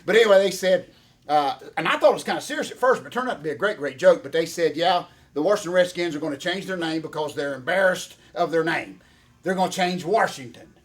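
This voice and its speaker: A man's voice: on the high side, expressive, quick pace. A middle-aged man, co-hosting a casual wrestling chat in a folksy, rambling way and coming back to the same catchphrases. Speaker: co-host.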